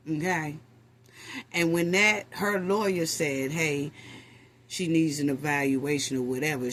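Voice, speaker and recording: Casting note: woman host, husky and slow, reacting loudly to clips. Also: lowish voice. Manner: animated, exclaiming, addresses audience as family. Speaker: commentary host. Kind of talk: casual commentary.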